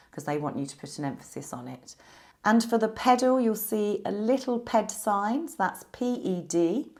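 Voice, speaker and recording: A woman with a slightly low voice teaches a beginner piano lesson. She walks through each symbol patiently, step by step, and explains it plainly. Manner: patient, explains clearly with examples.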